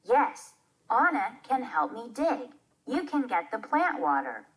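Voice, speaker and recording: Determined little girl, woman reading, slow, lively pitch. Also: breathy edge, full character voice. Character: determined young girl gardener. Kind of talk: reading a children's play aloud.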